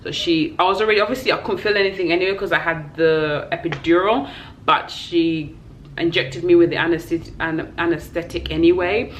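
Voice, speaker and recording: Speaking a little fast in a lowish voice, a young vlogger from England with a London accent shares an emotional personal story, tearful and heartfelt, acting out the voices of people in it. The audio is poor, with some background noise.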